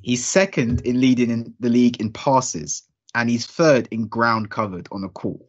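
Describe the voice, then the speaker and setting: A man's voice: mid-range voice, steady tone, normal speed, muffled recording. A man on a sports podcast panel, confident and emphatic as he lays out statistics. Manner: confident, stat-heavy, emphatic. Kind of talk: casual panel chat.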